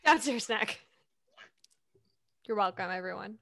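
A woman's voice: medium pitch, animated, measured pace, vocal fry, pushed and bright. A woman narrating a tabletop game as its game master, playful and amused.

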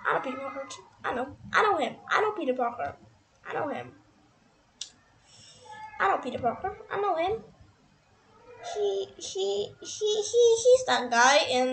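A young gamer giving casual gameplay commentary, hoarse from screaming and talking in an excitable, dramatic, complaining way. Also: high voice, noisy background.

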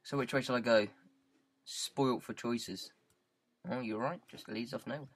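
With a mid-range, breathy voice and fairly even intonation, a fast-talking British gaming YouTuber rambles through casual gameplay commentary on his headset mic. He jokes around, riffing by repeating words in silly ways.

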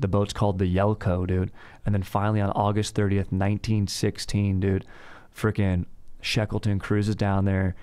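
A man tells a history story like he's chatting with a buddy, full of bro slang and loose fillers. His voice sits low and smooth, with a flat, even melody. It's laid-back, rambling storytelling. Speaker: podcast host.

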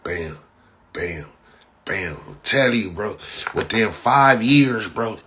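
A man's voice: lowish voice, expressive, slow, sharp tone. A young man from Inglewood, ranting casually on a livestream, profane, boastful and repetitive, often breaking into laughter. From Los Angeles, Inglewood. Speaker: livestream host.

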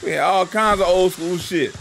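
A man's voice: high voice, moderate pace, creaky, noisy background. A man hosting a live gaming stream, ranting and trash-talking his viewers in a profane, casual way over game music. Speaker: gaming livestream host.

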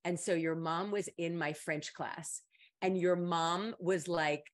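A middle-aged woman, host of an advice stream, telling a story in a casual chat and jumping into high voices to quote people. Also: fairly even intonation, slow pace.

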